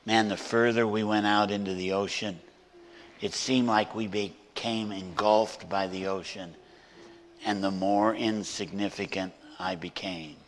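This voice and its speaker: A man preaching a sermon as a guest pastor in a church, moving between hushed storytelling and loud, emphatic preaching. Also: on the low side, steady tone, measured pace, big-room sound, slight background noise. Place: church sanctuary.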